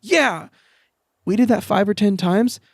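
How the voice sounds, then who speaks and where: Podcast guest, male, casual and swearing, acts out the voices in his anecdotes, slightly higher voice. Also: a little fast, no echo, studio quality. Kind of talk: casual chat. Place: outdoor backyard.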